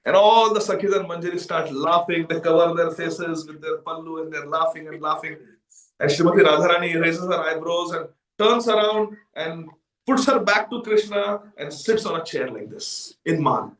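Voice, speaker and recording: A high-voiced male preacher tells a devotional story with animated energy, slipping into characters and laughing often. He is recorded from a distance in a large temple hall with heavy room echo. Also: normal speed. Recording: echoey temple hall from far off.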